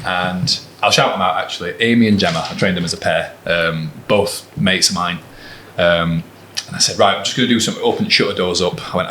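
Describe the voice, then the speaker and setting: A man's voice: low-pitched, normal speed, a little hiss or hum. A man, a personal trainer and podcast co-host, telling stories in casual chat and acting out the dialogue. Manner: animated storyteller, acts out dialogue.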